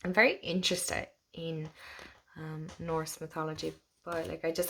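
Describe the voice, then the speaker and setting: A young woman with an Irish accent talks through a deck of cards in a loose, chatty way. Her voice sits a little low for a woman, and she slips between bright gushing and soft, hushed asides. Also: steady tone, normal speed. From Ireland. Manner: chatty, gushing, laughs often, drifts into soft whispers. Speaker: tarot channel host. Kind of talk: casual deck walkthrough.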